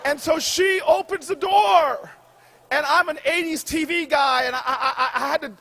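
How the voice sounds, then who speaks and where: A man in his forties tells a comic story from a podium, his voice pushed very high as he shouts the big lines. He builds in a preacher's rhythm and calls out to the crowd for a witness. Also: moderate pace. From United States. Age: 40s. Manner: booming, shouted punchlines with preacher-like call and response. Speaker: commencement speaker. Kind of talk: humorous storytelling speech. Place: outdoor graduation ceremony stage.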